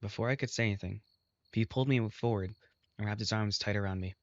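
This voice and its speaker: A man reads a visual novel aloud in steady first-person narration. His voice is low. The recording is dull and lo-fi, dry with no room echo. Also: fast talker. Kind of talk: reading a game aloud.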